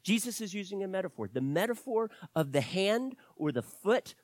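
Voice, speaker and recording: A middle-aged male pastor preaching a sermon to his church, swinging from loud emphasis to quiet asides, with self-deprecating humor. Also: sits high, very animated, moderate pace, no room sound.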